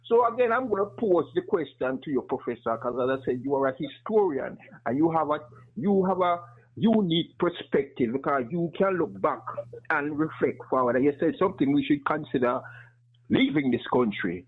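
A man's voice: on the high side, lively intonation, normal speed, slightly rough. A man calling in to a radio talk show, speaking earnestly and persuasively with a noticeable accent and rhetorical questions. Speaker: caller. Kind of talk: call-in radio comment. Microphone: phone. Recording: tinny phone line.

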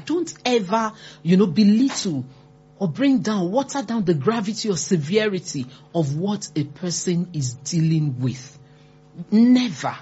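A woman speaks earnestly and emphatically about supporting people in grief, repeating key words and performing the remarks she quotes. Her voice is husky, fairly low, and darkish, captured in a dull lo-fi recording.

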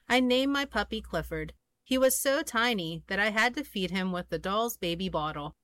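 A woman reading a children's picture book aloud in a gentle, expressive voice. Her pitch sits in the middle range. The recording is close and dry. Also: normal speed, no room sound. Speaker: storybook reader. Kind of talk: children's storybook read-aloud.

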